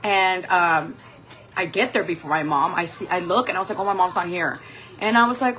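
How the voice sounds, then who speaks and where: Woman, 40s, makeup livestreamer; casual storytime delivery, profane and chatty, mid pitch. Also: moderate pace, pushed and bright, soft background music, rough recording. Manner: chatty, swears a lot, laughs often. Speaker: makeup vlogger.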